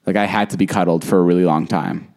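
A man's voice: deep voice, fairly even intonation, quick pace, darkish tone. A man co-hosting a podcast in casual chat, telling rambling stories full of swearing and laughter. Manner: profane, rambling storyteller who laughs often. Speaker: podcast co-host.

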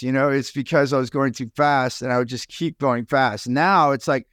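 A man's voice: mid-range voice, steady tone, normal speed, few pauses, a bit bright, no echo, studio quality. A man co-hosting a podcast, chatting casually and acting out his own past remarks as he tells stories. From United States. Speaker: podcast co-host.

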